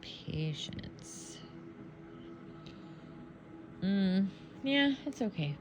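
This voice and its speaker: A sleepy woman casually commenting on tarot cards as she unboxes a deck, relaxed and trailing off as she goes. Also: on the low side, takes it slowly, over music. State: sleepy, yawning.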